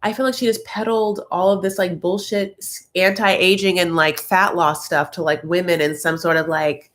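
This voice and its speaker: A woman hosting a casual live recap chat. She rambles with lots of filler words and slips into quick impressions of people. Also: fairly low pitch, fairly even intonation, a bit bright. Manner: rambling and chatty, heavy on "like"; breaks into quick voiced impressions. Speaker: host.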